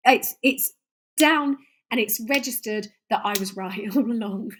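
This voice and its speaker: A chatty woman chatting on a podcast as a guest, with a voice pitched slightly high. She laughs easily and brings animated energy to her stories. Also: unhurried, a little hiss or hum. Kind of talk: casual interview chat.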